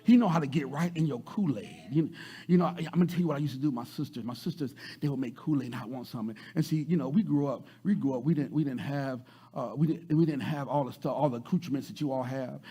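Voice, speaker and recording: A man pastor preaching a sermon, repeating words and swinging from loud to soft. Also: medium pitch, fast talker, slightly rough.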